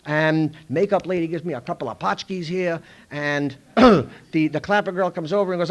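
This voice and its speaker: High-voiced man telling a story to a room. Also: a little fast. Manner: animated storyteller acting out other people's lines. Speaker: recovery meeting speaker. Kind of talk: storytelling talk to a live audience. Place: meeting room in a school.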